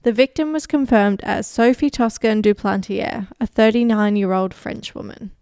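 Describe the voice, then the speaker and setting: A woman's voice: mid-range voice, normal speed, clean tone, no echo, clean studio sound. A woman with an Australian accent hosting a casual true-crime podcast, reading out a case with frequent "like" and "um". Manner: relaxed storytelling with frequent "like" and "um". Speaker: podcast host.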